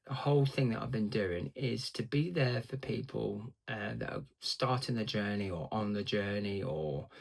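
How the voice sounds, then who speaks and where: A man's voice: on the low side, creaky, breathy edge, poor audio. A man speaking earnestly in a personal video diary about living with cancer, rambling a little with hesitant fillers.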